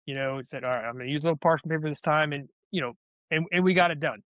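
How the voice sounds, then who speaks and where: A man's voice: a little high, rapid-fire, a bit bright, no room sound. A man telling a candid personal story in an interview, rambling and restarting his words as he goes. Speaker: guest, former soldier turned wellness advocate. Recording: dull lo-fi audio.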